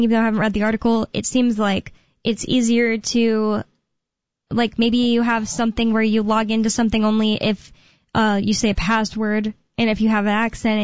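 A woman's voice: fairly high pitch, no echo, muffled recording. A young woman co-hosting a talk radio show, chatting casually with lots of fillers and restarts. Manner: rambling, filler-heavy, self-correcting. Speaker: radio co-host.

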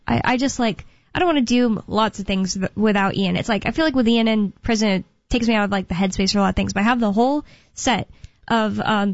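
A young woman in casual chat, rambling, losing her thread and filling pauses with um and uh. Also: on the high side, no echo. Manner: rambling, loses her thread, many fillers. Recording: dull, lo-fi dry sound.

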